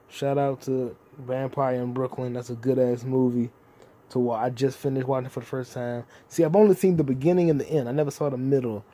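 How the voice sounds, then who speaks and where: A man's voice: medium pitch, dark tone. A man in his twenties hosting a solo podcast, rambling and free-associating with constant profanity. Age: 20s. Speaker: podcast host. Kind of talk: casual solo podcast chat.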